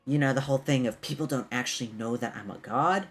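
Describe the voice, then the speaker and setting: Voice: medium pitch, fast, faint music behind, natural voice. A game master voicing Fate, a secret minor god who talks bluntly and casually and swears. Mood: breezy.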